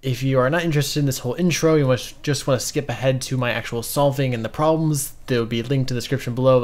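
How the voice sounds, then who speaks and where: A man casually talking through his code as he solves a programming puzzle, with lots of ums and uhs. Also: medium pitch. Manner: relaxed, many ums and uhs, thinks aloud. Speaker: coding streamer. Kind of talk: casual coding walkthrough.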